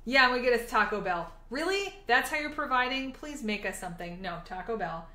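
A woman's voice: on the high side, fast, echoey room. A woman co-hosting a podcast in casual chat, telling stories with plenty of swearing and acting out what people said. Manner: animated storyteller, swears freely, acts out quotes. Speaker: podcast co-host.

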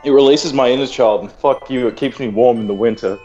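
A man's voice: mid-range voice, brisk, mellow, lo-fi sound, soft background music. Crude, joking podcast guy. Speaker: podcast co-host. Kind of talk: casual chat.

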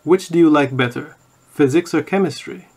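A man reading course audio, saying each word and then an example sentence in a slow scripted vocabulary reading. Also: on the high side, darkish tone, slightly rough.

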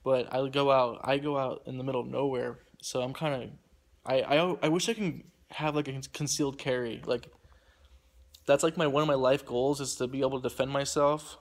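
A man's voice: medium pitch, steady tone, fairly quick. A young man tells a story casually outdoors in the cold, rambling and filling his speech with "like". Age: young adult. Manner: rambling, heavy use of "like". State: shivering in the cold. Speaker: vlogger. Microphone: phone.

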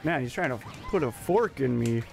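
A man with a raspy voice giving excitable, jokey live commentary as he plays, breaking into sudden yelps. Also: medium pitch, moderate pace, faint music behind. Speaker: streamer.

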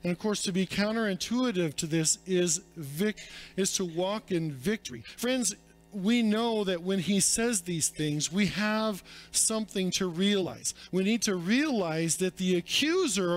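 A man's voice: sits high, measured pace. A male pastor delivering a sermon in an earnest, direct way, addressing his congregation.

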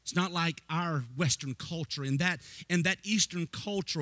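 A male pastor preaching a sermon. He asks the congregation questions and builds into a chanting, sing-song cadence with near-shouted emphasis. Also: fairly high pitch, moderate pace, dry recording.

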